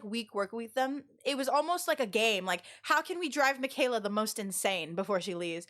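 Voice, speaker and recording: A young woman with a notably high voice tells stories to her live chat. She talks loudly and animatedly, rambling along with plenty of "like" fillers in a casual streamer chat. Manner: loud and expressive.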